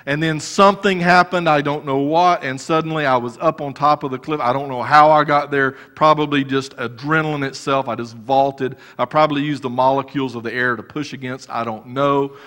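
A man preaching a sermon as pastor, moving between raised exhortation and quiet personal storytelling. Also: medium pitch, fairly even intonation, a little fast, hardly any pauses. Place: church sanctuary. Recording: church hall reverb.

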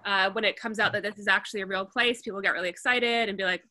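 A female student presenting a campaign pitch on a video call in an eager, casual way. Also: fairly even intonation, fast talker, hardly any pauses, bright, forceful tone.

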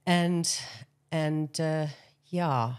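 A woman, an actress as guest, talking openly in an interview, often pausing and repeating words. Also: deep voice, smooth. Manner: halting, repeats words, breaks into song snippets. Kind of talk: candid interview chat.

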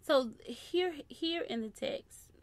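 A woman preaching a sermon, constantly breaking in with short praise phrases and dropping to soft murmurs between points. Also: sits high, animated, slow pace, dry recording.

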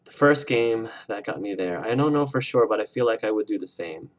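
Male game streamer, lowish voice, casual and effusive, wears his feelings on his sleeve. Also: expressive, a little fast. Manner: effusive and emotional, gushing about the game. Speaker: let's play streamer. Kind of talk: casual livestream chat with viewers.

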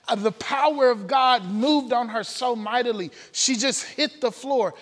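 A man's voice: extremely high pitch, a bit bright, big-room sound. A man preaching a testimony sermon, telling his story earnestly with frequent filler sounds. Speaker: pastor. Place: church sanctuary.

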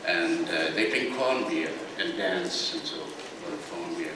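A man giving an opening speech as curator, halting and searching for words, in a large ceremonial house. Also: deep voice, lively intonation, noisy background. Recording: echoey hall from far off.

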